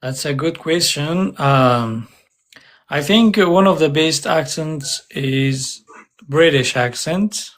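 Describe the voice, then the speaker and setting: Chatty man, slightly high. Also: slow. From Afghanistan. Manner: relaxed, chatty, with frequent uh fillers. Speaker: guest. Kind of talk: casual interview chat.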